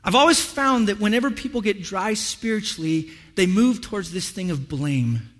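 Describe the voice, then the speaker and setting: A man preaching a sermon as pastor, telling stories in an animated way and acting out what people say. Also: high-pitched, normal speed, big-room sound. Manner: animated storytelling, acts out voices.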